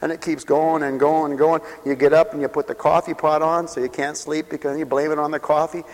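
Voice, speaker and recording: A high-pitched man delivers a radio sermon, his voice surging into fervent, loud reading of scripture before falling quiet and plain for personal stories. A long reverb from a large hall trails every phrase. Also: level tone, a little fast. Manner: impassioned preaching, swelling loud on scripture and dropping to quiet storytelling. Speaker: preacher.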